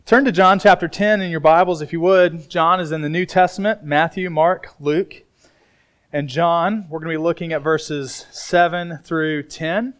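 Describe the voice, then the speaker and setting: Man, high voice, pastor, conversational emphatic sermon. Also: fairly even intonation, moderate pace, fairly bright tone, clear, resonant tone. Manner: conversational, emphatic preaching with many restarts. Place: church sanctuary.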